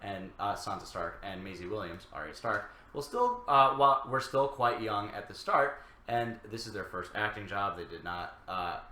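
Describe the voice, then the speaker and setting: A man co-hosting a reaction show, reading viewer comments aloud with halting fillers. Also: lowish voice, pushed and bright, roomy sound.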